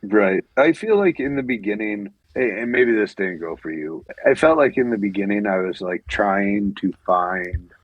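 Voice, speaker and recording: A man's voice: fairly low pitch, lively intonation, moderate pace, hardly any pauses, dry recording. A man co-hosting a podcast, talking candidly in casual chat, often restarting and repeating words. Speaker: podcast co-host. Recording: dull lo-fi sound.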